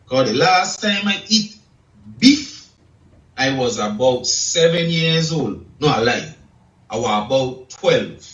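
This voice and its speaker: A man in casual chat, lecturing slowly and deliberately. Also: medium pitch, sing-song, a bit bright. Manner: slow, lecturing, asks "you check?". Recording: echoey room, distant dull mic.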